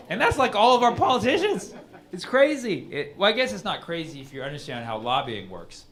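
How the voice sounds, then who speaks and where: A man's voice: high voice, a little fast. A man performing a stand-up comedy set in a rambling, chatty way. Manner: rambling, chatty, animated with big voiced bits. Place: comedy club stage with a laughing audience.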